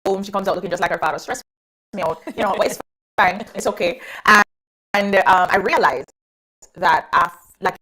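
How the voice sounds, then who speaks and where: A young woman guest on a radio talk show, telling her story in a lively, casual way with frequent laughs. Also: medium pitch, normal speed. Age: young adult.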